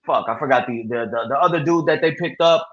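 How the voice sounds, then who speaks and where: A man co-hosting a casual sports podcast, talking in a relaxed way with lots of "you know". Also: mid-range voice, a little fast. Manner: relaxed, repeats filler phrases. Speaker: podcast co-host. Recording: dull lo-fi sound.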